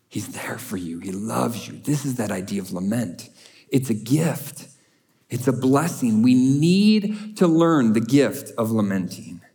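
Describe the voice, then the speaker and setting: A man's voice: medium pitch, a little mellow. A male pastor preaching a sermon in an earnest, emphatic way, building on repeated short phrases.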